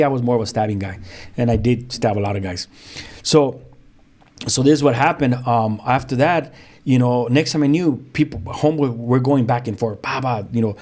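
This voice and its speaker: La dude, pastor now, telling his story casual with slang, mellow dark voice. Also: mid-range voice. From South Central Los Angeles. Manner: street slang, repeated restarts, acts out quoted voices. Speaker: pastor and podcast guest. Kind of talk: personal testimony in a podcast interview.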